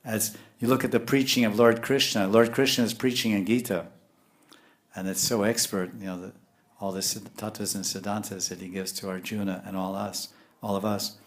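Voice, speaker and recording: A man preaching a spiritual sermon in a lively, animated way, chuckling now and then as he explains. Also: fairly low pitch, normal speed. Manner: animated, lapses into scolding voices when quoting; frequent chuckles and restarts. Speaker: spiritual teacher.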